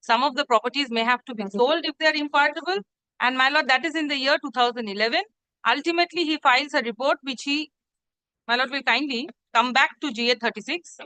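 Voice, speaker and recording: A woman advocate pleads her case in court, her voice high and bright with a sharp edge. She is formal and deferential and keeps turning back to "my lord". The sound is close and dry. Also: fast, no room sound, low-quality recording. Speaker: advocate arguing before a judge. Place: courtroom hearing, live-streamed.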